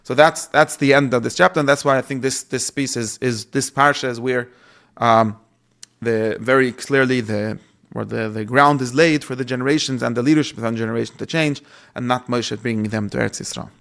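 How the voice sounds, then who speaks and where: A man's voice: mid-range voice, steady tone, a little fast, gravelly, a bit bright. A man giving an informal Torah lesson, explaining the text in a casual, searching way and often restarting his sentences. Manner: casual, explanatory, with frequent restarts and Hebrew terms. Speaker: Torah teacher.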